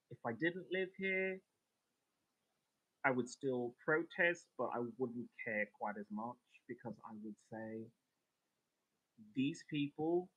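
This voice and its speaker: A man streaming live, chatting casually and sarcastically, swearing as he answers his chat. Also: medium pitch. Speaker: livestreamer. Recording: tinny phone-like sound.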